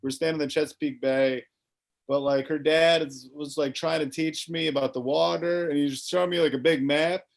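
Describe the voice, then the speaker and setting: A man with a somewhat high, creaky voice co-hosts a comedy chat at a moderate pace with fairly even intonation. A rambling storyteller, he swears freely and laughs along as he goes.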